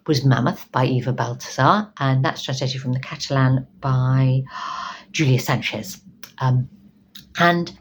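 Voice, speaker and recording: A woman's voice: extremely low pitch, slight background noise. A woman reviewing books in a casual, rambling chat, full of ums and restarts. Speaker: book reviewer.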